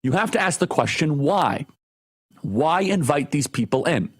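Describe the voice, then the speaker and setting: A man's voice: a little high, very animated, measured pace, husky. A man hosting a talk show, delivering an opinionated monologue with emphatic, repeated phrases.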